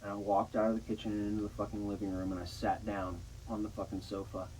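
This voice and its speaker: A man's voice: fairly low pitch, fast, a little hiss or hum, rough recording. Rambling, profane young man telling a story. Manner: rambling, profane, animated retelling. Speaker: storyteller guest. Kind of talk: casual storytelling chat.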